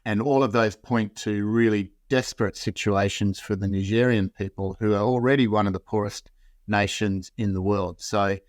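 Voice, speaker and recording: A low-pitched man speaks as an interview guest, setting out his points in long, qualified sentences. His voice is recorded close and dry, with no room sound around it. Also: steady tone, no echo. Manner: measured, builds points in long qualified clauses. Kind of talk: measured geopolitical analysis.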